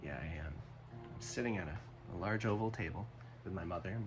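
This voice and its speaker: A man chatting casually between songs as the host of his own weekly music show, soft-spoken and rambling, with lots of "um" and "uh". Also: low voice, brisk. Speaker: singer-songwriter hosting a weekly music show. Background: acoustic guitar.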